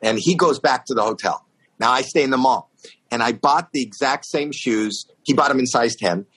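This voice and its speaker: A man telling a funny anecdote in a casual chat, acting out the other people's lines with shouts and bursts of high pitch. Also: moderate pace, breathy edge. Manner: animated storyteller, acts out voices and shouts. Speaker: guest telling a story.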